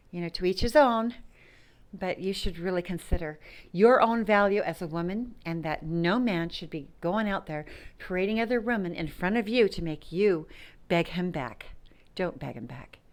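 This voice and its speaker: A woman speaks to her viewers in a personal, unscripted way, her voice sitting a little low. She is blunt and emphatic, and now and then she sinks into a soft whisper. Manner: frank, emphatic, with whispered asides. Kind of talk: personal talk to camera.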